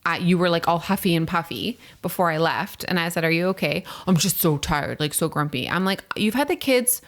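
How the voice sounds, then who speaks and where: A woman's voice: fairly low pitch, brisk. A woman co-hosting a casual couple's podcast, telling a story with lots of quoted back-and-forth and cutting in to keep the floor. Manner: animated storytelling, quoting her partner, interrupting to hold the floor. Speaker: podcast co-host.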